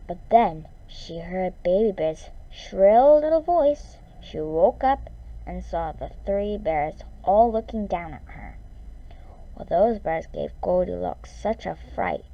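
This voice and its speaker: A woman reading a children's story aloud in an expressive, drawn-out way. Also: lowish voice, gravelly, highs cut off.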